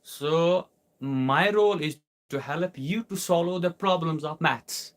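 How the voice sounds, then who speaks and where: Young Indian-accented male English teacher, slightly high voice, live Q&A class, explanatory and repetitive. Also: slow pace. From Kashmir, India. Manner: explanatory, repeats points with rhetorical questions. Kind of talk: live class answering viewer questions.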